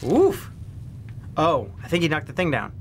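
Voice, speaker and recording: A young man giving casual commentary while he plays a video game. He gets excitable, talks to the characters on screen and repeats phrases. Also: a little high, quick pace, gravelly, slight background noise. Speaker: let's play host.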